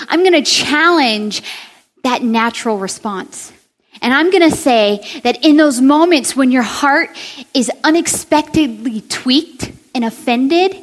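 Young woman preacher with a high voice, earnest and chatty, echoing through a big hall. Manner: earnest, conversational, speaks to the women in the room. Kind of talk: sermon.

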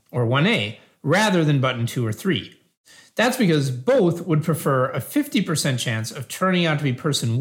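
A man reading an earnest utilitarian debater. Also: fairly high pitch. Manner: measured, patient, explanatory. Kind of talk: scripted philosophical dialogue.

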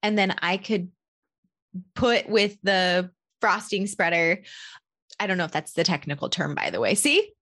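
A woman hosting a podcast, candidly telling a personal story as a parent in an animated, self-deprecating way. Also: fairly low pitch, measured pace. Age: adult parent. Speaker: podcast host.

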